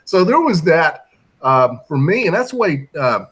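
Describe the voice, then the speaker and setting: Reflective male guest, somewhat high voice. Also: big pitch swings, a bit bright, breathy edge. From Tennessee. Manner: reflective, halting with fillers. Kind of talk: casual chat.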